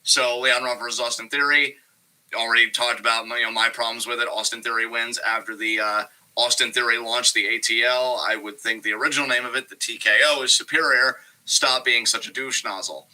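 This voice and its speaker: Male co-host, casual chat, loose and filler-heavy, bright tone. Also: mid-range voice, fairly quick, low-quality recording. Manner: relaxed, chatty, lots of fillers. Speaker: podcast co-host.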